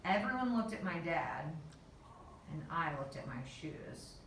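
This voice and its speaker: A woman reading a children's story aloud in a measured, unhurried way. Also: low voice, very animated, noisy background. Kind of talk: storybook narration. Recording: echoey room, voice from far off.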